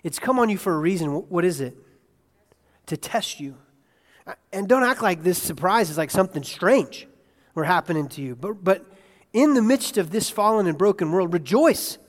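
Male pastor, sermon in a church, quiet then excited, quizzes the congregation, fairly high pitch, echoing hall. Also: normal speed. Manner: conversational, asks the congregation questions; swings from quiet and hushed to loud and excited. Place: church sanctuary. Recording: long hall reverb.

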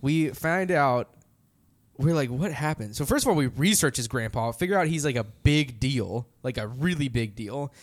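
A young man telling a story in casual podcast chat, animated and full of "like" fillers. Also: mid-range voice, normal speed. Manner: animated, heavy use of "like" fillers. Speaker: podcast storyteller, band member.

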